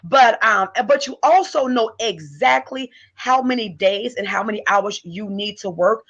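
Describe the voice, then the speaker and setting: A woman hosting a live stream as a business coach, pitching her system in a quick, eager, salesy way. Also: expressive, a bit bright. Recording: dull lo-fi stream audio.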